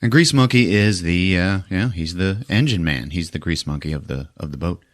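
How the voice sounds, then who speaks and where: This podcaster walks through a movie's plot in a relaxed, profane way, doing silly impressions of the characters. His voice is low-pitched and his pace moderate.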